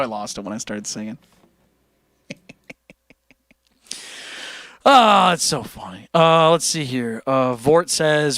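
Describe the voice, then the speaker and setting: A man's voice: medium pitch, unhurried, pauses often, faint music behind. A man hosting a casual livestream, chatting loosely and profanely while reading out donations. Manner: loose, profane, animated, reads donations aloud. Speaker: livestream host.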